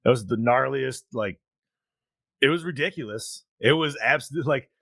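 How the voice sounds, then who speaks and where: A man co-hosting a casual podcast, talking crude and animated, laughing often. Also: mid-range voice, normal speed, creaky, dry recording. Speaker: podcast co-host. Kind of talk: casual horror movie chat.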